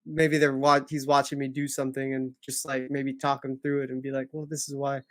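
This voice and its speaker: A man's voice: medium pitch, completely flat delivery, fairly quick. A young man co-hosting a podcast in casual chat, laid-back and rambling, laughing often. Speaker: podcast co-host.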